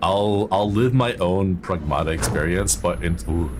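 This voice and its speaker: A man streaming a horror game, chatting casually in a rambling, jokey way and getting easily excited. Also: low voice, a little slow, background noise. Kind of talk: casual gameplay commentary.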